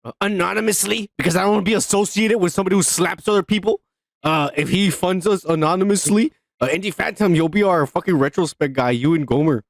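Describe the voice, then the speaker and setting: A man's voice: high-pitched, fast talker, gravelly, no echo, clean studio sound. A man co-hosting a podcast, talking crudely and rambling in casual drunk chat, repeating himself a lot. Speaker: podcast co-host.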